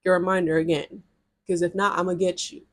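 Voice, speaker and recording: A woman's voice: fairly low pitch, brisk. Chatty young woman telling a story. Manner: chatty and animated, with heavy use of "like" and reenacted dialogue. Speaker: storytime vlogger. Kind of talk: casual storytelling to camera.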